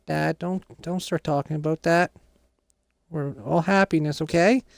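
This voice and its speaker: A man's voice: on the high side, fairly even intonation, measured pace, creaky, no room sound, studio quality, voice pushed up. A man voicing a bossy teenage son who lectures his father in a Minecraft role-play. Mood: scolding. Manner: lecturing, preachy.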